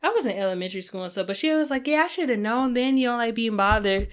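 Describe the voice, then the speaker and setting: Blunt, outspoken woman co-host, slightly high voice. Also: lively intonation, fast. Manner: blunt and outspoken, curses freely. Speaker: podcast co-host. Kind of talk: casual chat.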